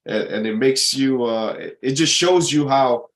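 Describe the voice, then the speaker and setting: A man talks at an ordinary middle pitch, hosting his own live online show. He rambles loosely, stumbles over and repeats words, and drops casual swearing as he goes. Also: a little slow, hardly any pauses. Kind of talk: casual live-stream monologue.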